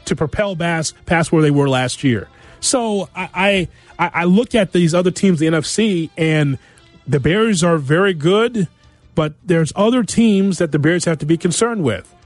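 A man hosting a sports talk radio show, giving an animated monologue full of rhetorical questions and repeated phrases. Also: fairly high pitch, no room sound. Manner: animated, rhetorical, repeats himself, acts out quotes.

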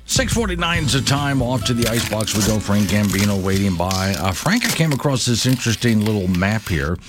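A man's voice: lowish voice, brisk, music in the background. A man hosting a morning talk radio show, reading news and chatting with asides. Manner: conversational, animated, reads news aloud with asides. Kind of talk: talk radio monologue and banter.

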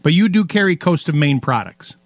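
A man's voice: on the high side, expressive, brisk, no room sound. A man hosting a call-in radio show, chatting casually and teasing his co-hosts. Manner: playful teasing banter. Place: radio studio. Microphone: studio mic.

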